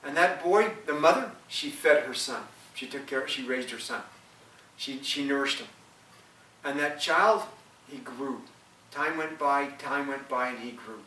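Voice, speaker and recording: A man's voice: medium pitch, unhurried, bright, forceful tone, slight background noise. A man telling a traditional legend aloud, repeating phrases and stopping to explain old customs. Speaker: storyteller. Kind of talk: oral storytelling of a legend. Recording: roomy, from a distance.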